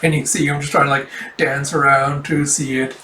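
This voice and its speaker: A man's voice: fairly high pitch, level tone, moderate pace, sharp tone. Chatty man retelling a comic, echoey. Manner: chatty, retells scenes with "it's like". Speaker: manga reader. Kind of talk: casual comic readthrough. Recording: roomy echo, distant mic.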